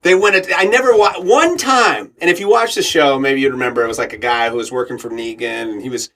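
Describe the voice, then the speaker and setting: Fast and mid-range, with a little hiss or hum in the audio, this is a middle-aged man who works as an actor and radio host. As a podcast guest he tells a story with lots of animation, voicing the people in it and laughing often.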